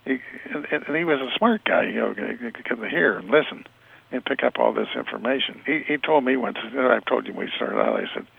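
Gravelly older man on a phone line. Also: medium pitch, very animated, no echo. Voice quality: gravelly, husky. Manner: rambling, halting, many restarts. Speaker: interview guest, retired football scout. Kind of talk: storytelling over the phone.

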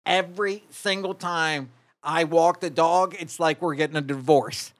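A man's voice: fairly high pitch, fairly even intonation, unhurried, a bit bright. A man co-hosting a podcast, talking in crude, teasing banter with friends. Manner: joking, teasing, profane. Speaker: podcast co-host.

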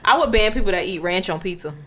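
A woman's voice: on the low side, animated, quick pace, fairly bright tone. A woman in loose podcast banter, blunt and sassy, swearing casually with a mid-range voice. A faint hiss of background noise sits behind her.

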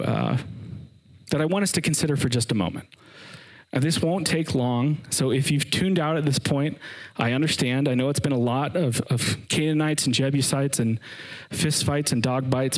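A man's voice: medium pitch, low-quality recording. A man giving a casual, earnest sermon, retelling scripture with slang asides. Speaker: preacher.

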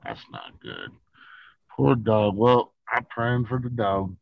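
Lively joking guy, lo-fi. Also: fairly low pitch, takes it slowly, creaky. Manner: joking, animated, swears casually. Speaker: podcast co-host. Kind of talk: casual podcast chat. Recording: dull dry lo-fi sound.

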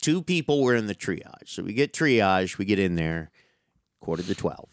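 Lower-voiced middle-aged man telling a story. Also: moderate pace, no room sound, studio quality. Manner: animated, profane, calls listener dude. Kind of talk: casual storytelling chat.

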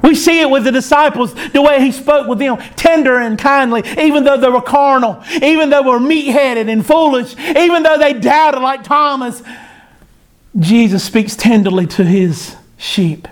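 A man's voice: very high voice, normal speed. A man preaching a sermon, in an impassioned cadence that rises and falls.

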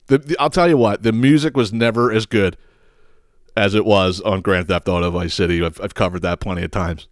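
A man's voice: on the low side, a little fast, no echo. Man, middle-aged, profane laughing rant, dry close sound. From southeastern Pennsylvania. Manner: profane, laughing, exasperated storytelling. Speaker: podcast host. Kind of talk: casual solo podcast rant.

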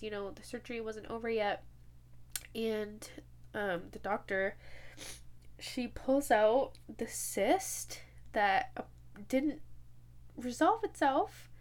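A woman's voice: fairly high pitch, a little mellow. A young woman telling a personal story in an emotional way, full of quoted dialogue and fillers. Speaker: podcast host.

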